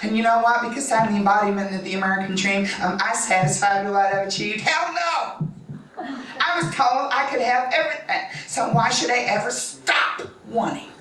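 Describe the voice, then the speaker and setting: A brassy, boastful female country star, as a man plays her, who swears and demands more in a loud, forceful voice. The sound is bright and sharp. It comes from some distance in an echoey room over faint noise. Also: very high voice, normal speed, exaggerated voice. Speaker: comedy character. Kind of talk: satirical stage monologue.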